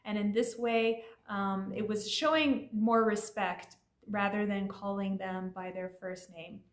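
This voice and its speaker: A woman explains vocabulary to her learners in a friendly, patient way, dropping in casual fillers as she goes. Her voice sits at a middle pitch. The room around her gives a noticeable echo. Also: steady tone, a little slow. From Iranian family. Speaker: language teacher.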